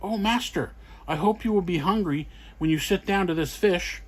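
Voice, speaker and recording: A man's voice: high voice, moderate pace. A man voicing a cheerful old male servant nearing sixty in a storybook reading. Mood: jovial.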